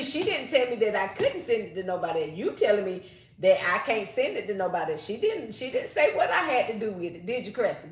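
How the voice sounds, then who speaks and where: Woman livestream host, slightly high voice, reads viewer comments aloud and greets people by name, echoey room. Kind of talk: casual livestream chat.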